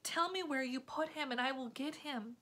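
Grieving Mary Magdalene, a tearful young woman, read by a woman in a soft, pleading, high voice. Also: moderate pace.

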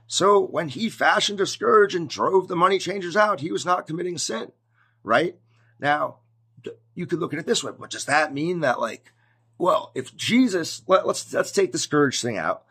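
A man giving a casual, conversational sermon to his viewers, animated and prone to acting out scenes. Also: on the high side, normal speed, husky. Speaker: preacher.

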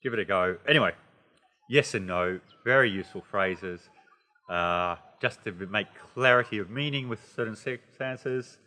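A man with an Australian accent talks through a casual language lesson. His voice is bright and his delivery is chatty and animated, full of playful asides. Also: lowish voice, normal speed, in a large hall. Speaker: English teacher.

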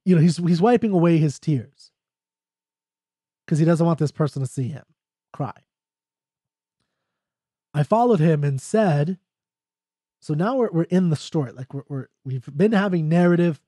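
A man's voice: fairly high pitch, moderate pace, warm tone, husky, no echo, clean studio sound. A man explaining a poem in a casual lecture, loose and jokey, checking in with "right?" as he goes. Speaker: literature teacher.

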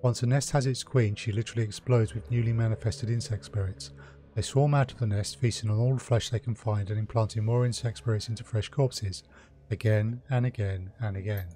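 A man's voice: lowish voice, fairly even intonation, a little fast, dark tone, lightly acted. Flamboyant, mocking male elf in a video game, lecturing theatrically, read by a man.

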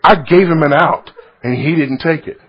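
A middle-aged man preaching, telling a story in a sermon, swinging from loud to hushed. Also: a little high, normal speed, a little hiss or hum. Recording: dull lo-fi recording.

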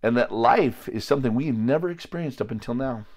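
A man's voice: medium pitch, lively intonation, fairly quick, a little mellow. A man preaching informally to a small group, blunt and confrontational, at times crude, rambling with restarts. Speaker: lay preacher.

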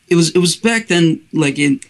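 A young man chatting casually as an interview guest, halting with many restarts and laughing often. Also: a little high, lively intonation. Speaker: interview guest, video maker. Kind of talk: casual chat.

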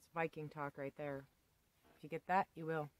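A woman's voice: low voice, little pitch movement, moderate pace, rough recording. A woman vlogger ranting casually to camera, blunt and rambling, with casual swearing and emphatic asides. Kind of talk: casual unscripted rant to camera.

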